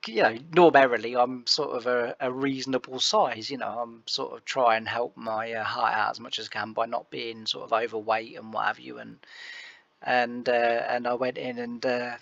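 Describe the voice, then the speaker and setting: A man's voice: medium pitch, fairly even intonation, moderate pace, vocal fry, fairly bright tone, no echo, lo-fi sound. A man chatting and rambling in self-mocking commentary while playing a farming game. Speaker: farming game let's-player.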